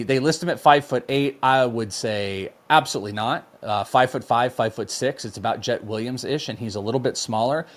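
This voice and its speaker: Chatty man rambling with fillers. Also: medium pitch. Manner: rambling, filler-heavy, enthusiastic. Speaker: podcast guest, prospect analyst. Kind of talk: casual podcast chat.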